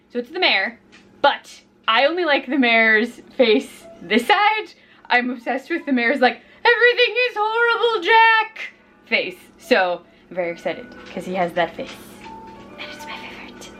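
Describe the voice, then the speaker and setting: Chatty excitable woman vlogging from her kitchen. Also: on the high side. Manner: chatty and excitable, squeals when delighted. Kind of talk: casual home vlog. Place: home kitchen.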